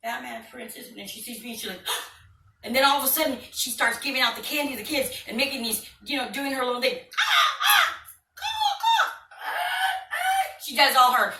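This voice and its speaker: A woman's voice: on the high side, fast, bright, forceful tone, echoey room, far from the mic, a little hiss or hum. A woman performing a stand-up comedy routine, telling a story with acted-out voices and sound effects.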